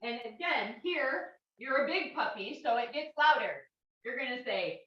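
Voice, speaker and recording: A woman teaching a kids and parent yoga class, guiding poses in a gentle, encouraging way with playful animal sounds. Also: high-pitched, expressive, measured pace. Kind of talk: guided yoga class instruction. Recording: roomy, distant, dull lo-fi sound.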